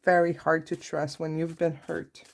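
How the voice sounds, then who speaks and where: A woman giving a tarot reading, talking softly and slowly as she reads out card messages to her viewers. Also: low voice, flat delivery, vocal fry. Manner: soft, warm-hearted, reads card messages aloud. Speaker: tarot reader. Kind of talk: slow, intimate tarot reading.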